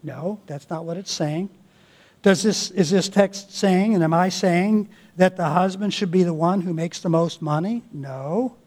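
Male pastor, high-pitched, earnest exhorting sermon delivery to a congregation. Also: measured pace, a little mellow. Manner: earnest, exhorting, with rhetorical questions.

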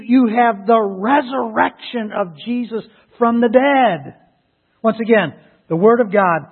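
A man preaching an Easter sermon, emphatic and animated, who laughs as he retells stories. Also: sits high, slightly rough. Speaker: pastor. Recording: phone-like lo-fi sound.

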